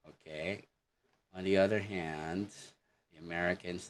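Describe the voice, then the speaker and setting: A man gives an online English lesson in a relaxed way, using many fillers and demonstrating how words are pronounced. His voice is low and slow, with a little hiss or hum in the recording.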